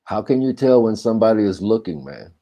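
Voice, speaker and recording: An older man from the United States, a guest musician chatting casually, relaxed and quick to laugh. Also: fairly low pitch. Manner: relaxed, laughs easily, calls people "man". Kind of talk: casual conversation.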